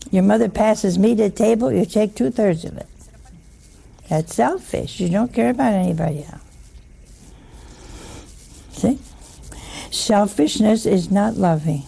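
A woman's voice: medium pitch, gravelly, warm tone, slightly rough. A woman giving a chatty sermon, teasing her listeners with rhetorical questions and humor. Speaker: religious teacher. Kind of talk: conversational sermon.

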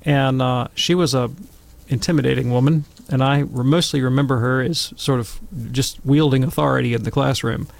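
A middle-aged man telling wry, animated stories and commenting on scripture in a casual talk. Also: medium pitch, moderate pace, vocal fry, dry recording. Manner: wry, animated anecdotes with acted quotes.

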